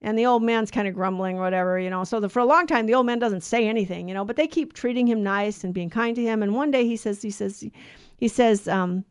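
A woman telling a moral story in a casual, animated way, acting out the characters' lines. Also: medium pitch, fast talker, clean tone, no echo, clean studio sound. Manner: animated, acts out the lines, many restarts.

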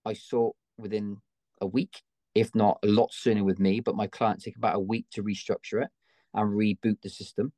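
A man's voice: lowish voice, flat delivery, normal speed, warm tone, no echo. An Englishman who trains gun dogs, a guest in a conversational interview, explaining his methods emphatically. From England.

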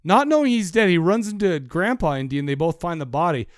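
Podcast co-host, male: fairly high smooth voice, casual and crude, laughs a lot. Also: animated, fairly quick, no echo, clean studio sound. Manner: rambling, profane, laughs a lot. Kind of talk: casual chat.

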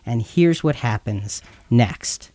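A man's voice: medium pitch, lively intonation, slow, warm tone, no room sound. A man teaching a Bible passage in an earnest, explanatory way, sometimes stumbling and repeating words. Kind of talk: explanatory scripture talk.

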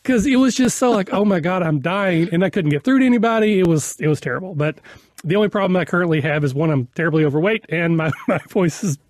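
A man's voice: high-pitched, lively intonation, fast talker, no echo. Chatty man with a weak voice. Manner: chatty, self-deprecating, laughs often. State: weak, slightly off voice from a cough. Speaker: podcast host. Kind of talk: casual podcast chat.

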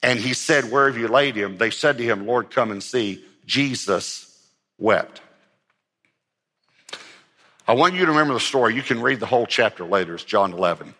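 A male pastor delivers an earnest sermon, leaning hard on repeated phrases to press his points. His voice is bright and forceful at a middle pitch. It carries a long, lingering reverb from a large hall. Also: animated, fast talker, hardly any pauses.

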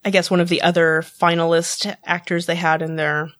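Woman, slightly low pitch, casual chat, laughs often, podcast co-host. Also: little pitch movement, normal speed, fairly bright tone. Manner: chatty, laughs often, restarts words.

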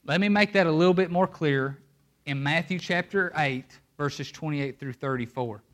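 A man's voice: on the high side, moderate pace, a bit bright. A man preaching a sermon on a microphone, emphatic and pulling listeners in with questions. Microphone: handheld microphone.

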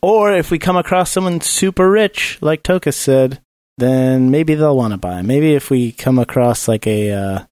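A man's voice: medium pitch, normal speed, hardly any pauses, a little mellow, no echo, clean studio sound. A man playing a tabletop role-playing game, joking and bargaining stubbornly in character. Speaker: player. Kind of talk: casual tabletop role-play chat.

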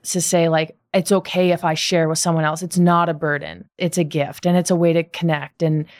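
A woman co-hosts a podcast in a low, fairly flat voice. She talks in an earnest, reflective way, leaning on "like" as she goes. The sound is dry and close. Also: normal speed, no room sound. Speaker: podcast co-host. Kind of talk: conversational podcast talk.

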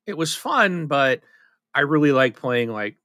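A podcast co-host chats in a loose, candid, slightly self-deprecating way, often circling back and restarting. His voice sits on the high side, bright, forceful and expressive, at a measured pace. It's recorded dry, with no room sound.

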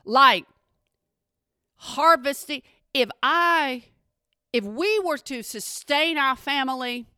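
A woman's voice: high voice, sharp tone, smooth, no echo, clean studio sound. A woman giving an exasperated, sassy comedic rant to her viewers, calling them y'all. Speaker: vlogger. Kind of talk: comedic ranting monologue.

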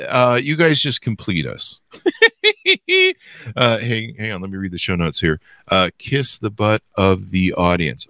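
A man's voice: on the low side, dry recording, studio quality. Joking, self-mocking male podcast host. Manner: playful, self-mocking, mock-flattering, chuckles between lines. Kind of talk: casual joking monologue.

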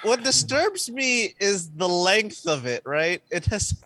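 A man's voice: high-pitched, very animated, takes it slowly, pushed and bright, no room sound. A man co-hosting a casual reaction stream, joking around and laughing often. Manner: laughing, joking, playful guessing. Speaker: stream co-host.

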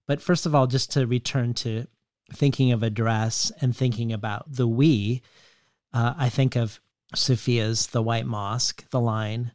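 A man interviewing guests, setting up questions carefully and deliberately with literary references. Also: mid-range voice, fairly even intonation, a little mellow, no room sound, studio quality. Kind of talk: prepared interview questions with read quotations.

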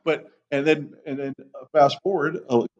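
A man's voice: on the high side, steady tone, normal speed, darkish tone. A middle-aged man, a dog trainer, chatting as a podcast guest, rambling through stories and swearing casually. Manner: rambling storyteller, casual profanity. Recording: muffled lo-fi audio.

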